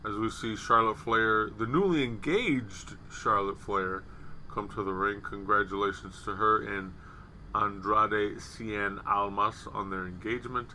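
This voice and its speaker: A man co-hosting a podcast, telling stories in loose, profane casual chat with animated quoted asides. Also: on the low side, a little slow, slight background noise. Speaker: podcast co-host. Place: home studio with wrestling on TV behind. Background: faint TV ambience.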